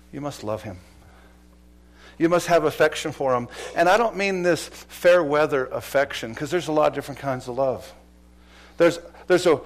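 A male pastor preaching a sermon with passion, swinging between loud exclamations and quiet, low drops.

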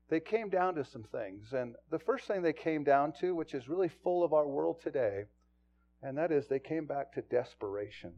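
A man who is a pastor and police chaplain, preaching a sermon that swings from quiet and low to loud and emphatic. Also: lo-fi sound.

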